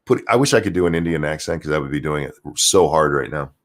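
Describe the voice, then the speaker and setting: A man hosting his own channel, giving a heated, profane and sarcastic political rant, jumping between loud outbursts and low muttered asides. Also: lively intonation, fast. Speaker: streamer and channel host. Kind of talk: angry political commentary rant.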